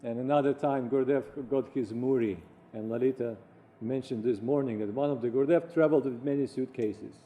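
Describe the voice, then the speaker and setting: A man recounts personal anecdotes with lively storytelling energy, slipping into the voices of the people he quotes. His tone is very dark and mellow, and his pitch sits in an average male range. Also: fairly quick, a little hiss or hum. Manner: animated, acts out quoted voices.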